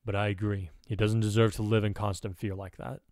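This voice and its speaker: A weary, stern male teacher, read by a man. The voice sits a touch lower and softer than his narration, dry and close-miked. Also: level tone, a little fast, no room sound, lightly acted.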